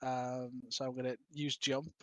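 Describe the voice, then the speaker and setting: A man's voice: mid-range voice, level tone, unhurried, dry recording. A man playing a druid in a tabletop game, asking rules questions and reading them out. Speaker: player. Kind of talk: casual tabletop play.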